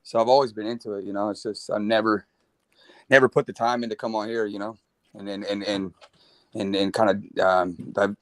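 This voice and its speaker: A man's voice: fairly low pitch, level tone, a little fast, fairly bright tone, no echo. A man joining a livestream panel as a guest, friendly and rambling with lots of fillers. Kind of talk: casual chat.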